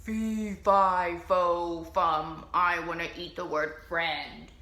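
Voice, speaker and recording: A woman voicing a friendly, hungry female monster puppet who chants loudly, recorded in a roomy space. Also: extremely slow, exaggerated voice. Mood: hungry chanting. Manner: booming chant, loud and hungry. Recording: roomy echo.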